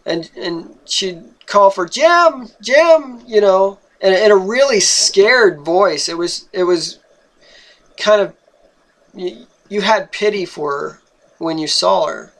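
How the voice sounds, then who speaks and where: A young man with a notably high, gravelly voice tells a personal story slowly and deliberately. He is earnest and halting, stumbling over and repeating words while he searches for the right ones.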